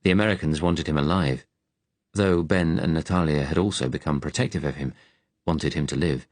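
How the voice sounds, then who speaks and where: A man narrating a novel in a steady, serious, measured way. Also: a bass voice, dry recording. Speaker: audiobook narrator. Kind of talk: scripted narration.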